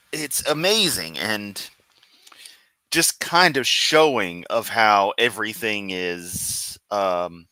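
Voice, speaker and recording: A man with a low-set but very bright, forceful voice comments on clips in a sarcastic, rambling way. The sound is dry and close, with no room around it. He talks back to the video as if its speaker could hear him. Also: no echo. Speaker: commentary host reacting to clips. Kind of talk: casual reaction commentary.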